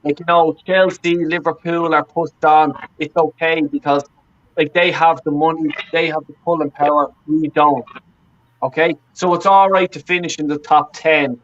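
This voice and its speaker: A man with a fairly high voice rants on a football fan panel, swearing and circling back over his points. The sound is dull and lo-fi, like call audio. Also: fairly even intonation, normal speed, a bit bright, slight background noise. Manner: profane, ranting, repeats himself.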